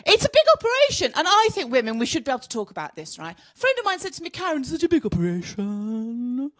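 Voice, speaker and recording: Female stand-up, middle-aged, Birmingham accent, brash and bawdy, lively pitch. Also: racing. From Birmingham, England. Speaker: stand-up comedian. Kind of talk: stand-up routine. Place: comedy club stage.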